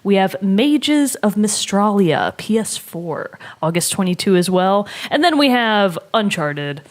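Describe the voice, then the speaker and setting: Laughing, animated woman podcast co-host. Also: medium pitch, unhurried. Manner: animated, laughs often, mimics voices. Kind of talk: casual chat.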